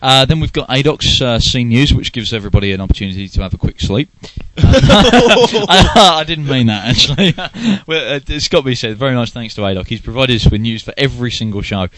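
A man's voice: medium pitch, expressive, a little fast, hardly any pauses, fairly bright tone. A man hosting an internet radio show in casual chat, loose and joking, with plenty of filler words.

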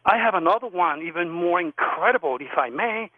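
A middle-aged man with a somewhat high voice tells his stories earnestly, circling back over his words. He comes through a tinny, phone-like line with a dry sound. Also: expressive, a little fast, dry recording. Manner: earnest, repeats words while telling stories. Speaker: guest. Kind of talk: telling personal stories on a radio show.

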